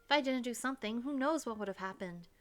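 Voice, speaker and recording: A woman voicing a brash, defensive young American woman, narrating a visual novel in first person with brisk retorts. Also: fairly high pitch, lively intonation, a bit bright, faint music behind.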